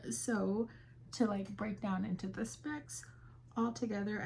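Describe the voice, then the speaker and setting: Young woman, casual vlog chat, gravelly fry, mid pitch, faint background noise. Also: warm tone. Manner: chatty, with fillers and quoted dialogue. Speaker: crochet vlogger.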